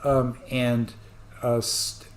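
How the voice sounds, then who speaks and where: A man's voice: medium pitch, flat delivery, very slow, a little hiss or hum. Rambling earnest man in an echoey room. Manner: earnest, rambling, apologetic, with sudden loud bursts. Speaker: commentator reacting to news clips. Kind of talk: rambling ranting monologue.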